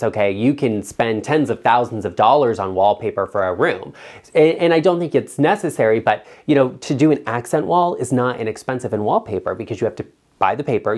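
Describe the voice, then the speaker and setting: A man hosting an interior design vlog, talking straight to viewers in a chatty, emphatic way, with big jumps up in pitch on his asides. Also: a little mellow.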